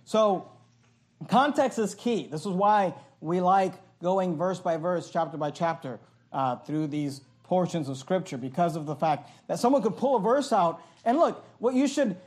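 High-voiced emphatic male preacher. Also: animated, unhurried, darkish tone. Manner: emphatic, sarcastic asides, repeats phrases. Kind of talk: verse-by-verse sermon.

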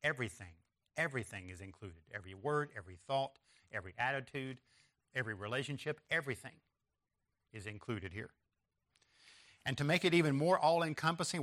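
A man delivering a sermon in a bright, forward voice of middle pitch. He drives points home through repetition, rising on each repeated phrase and dropping at its close. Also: brisk. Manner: emphatic repetition with rising stress on key phrases; references an outline and slides to listeners. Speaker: preacher.

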